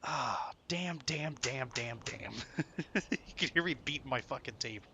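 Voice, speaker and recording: Young male streamer, bright voice, swears a lot while ranting to chat. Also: mid-range voice, measured pace, a little hiss or hum. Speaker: game streamer. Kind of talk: frustrated live-stream commentary. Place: home room while streaming.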